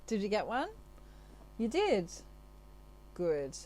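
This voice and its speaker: A woman's voice: medium pitch, huge pitch swings, drawn-out words, pauses often, mellow. A woman from Australia, a tarot reader chatting casually to her viewers with a playful, giggly manner. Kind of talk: casual chat to camera.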